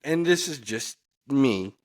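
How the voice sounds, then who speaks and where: A man in a casual podcast chat, speaking in a measured, hesitant way. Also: medium pitch, lively intonation. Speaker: podcast panelist.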